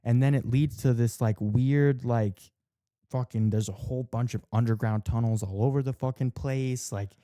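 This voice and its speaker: A man's voice: medium pitch, fairly even intonation, normal speed, dark tone, no echo, clean studio sound. A man casually retelling a show's plot, swearing a lot, saying "like" often and acting out the characters' lines. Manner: heavy swearing, many "like" fillers, acts out quotes. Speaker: podcast co-host.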